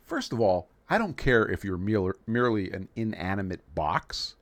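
A man's voice: on the low side, very animated, moderate pace, hardly any pauses, no echo. A man from New York City hosting a live stream in casual chat, rambling and joking with frequent restarts. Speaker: livestream host.

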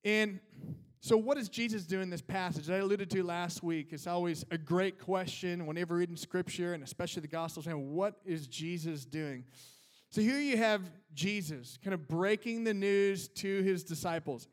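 High-voiced, casual preaching pastor. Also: male voice, moderate pace. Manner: casual, conversational, with fillers like "man" and "like". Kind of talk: sermon.

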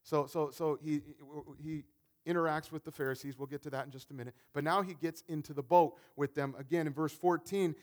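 High-voiced animated preacher. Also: male voice, a little fast. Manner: animated, repeats words, acts out quotes. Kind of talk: sermon.

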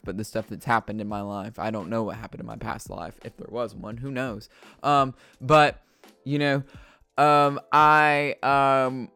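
A podcast host in a casual rambling monologue, swearing freely and telling stories in an animated way with many fillers and restarts, talking at a desk indoors. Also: mid-range voice, clean tone, dry recording. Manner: profane, ranting storyteller.

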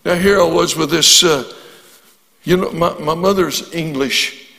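A man's voice: a little high, a little slow, sharp tone. An older man preaching as a guest speaker, telling stories and rising into fervent prayer. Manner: storytelling, rises to fervent prayer. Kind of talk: sermon. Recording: long reverb of a large hall.

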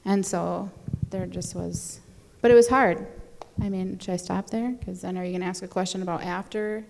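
A young woman talks in a loose, rambling way, her lowish voice full of gravelly fry. Her speech rings out with a long reverberant tail. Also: steady tone, normal speed, a little mellow. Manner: chatty, rambling with fillers and laughs. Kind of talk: casual conversation.

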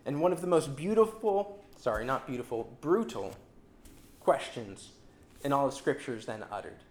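A preacher giving a sermon in an expressive, emphatic manner, with dramatic swings between loud and soft delivery. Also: mid-range voice, moderate pace. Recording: roomy echo.

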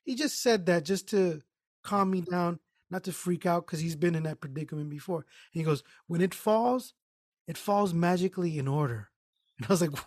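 This podcast co-host speaks in a high voice at a moderate pace, swearing as he animatedly retells a work anecdote and voices the people involved during casual chat. Sound is studio quality with no echo.

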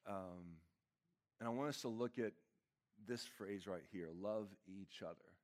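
A man's voice: fairly low pitch, unhurried. A young man, a pastor giving a casual, chatty sermon with lots of fillers.

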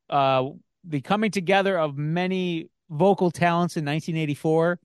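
A man's voice: a little high, clean tone, dry recording, clean studio sound. A man hosting a podcast, telling a story in a rambling, casual way with lots of fillers and restarts. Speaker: podcast host. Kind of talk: casual chat.

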